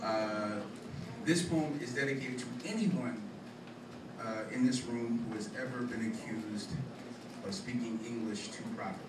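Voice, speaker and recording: A man's voice: mid-range voice, a little slow. A man performing a spoken word poem to a live audience, with a rhythmic, rhymed delivery and punchy emphasis. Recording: echoey room, distant mic, background noise.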